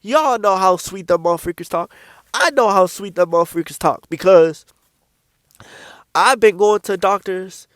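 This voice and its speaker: A man with a high voice for his sex gives a blunt, casual preaching talk. He swears freely and hammers his points home by repeating them. The recording is close-miked and dry. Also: moderate pace, fairly bright tone, clean tone, no echo. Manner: blunt, profane, repeats himself for emphasis. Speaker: Christian speaker.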